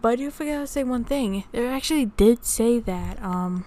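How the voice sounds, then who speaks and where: A woman's voice: on the high side, expressive, darkish tone. A woman vlogger talking casually about what she has researched, rambling with many fillers and restarts. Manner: unhurried, reading notes off research. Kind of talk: casual talk to camera.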